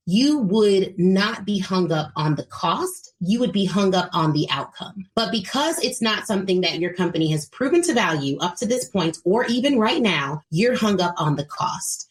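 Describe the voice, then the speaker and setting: An American woman hosting a solo podcast as a speaking coach, talking to listeners in an emphatic, preachy and direct way. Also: medium pitch. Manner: plays quoted voices in her retelling. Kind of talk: solo motivational business talk.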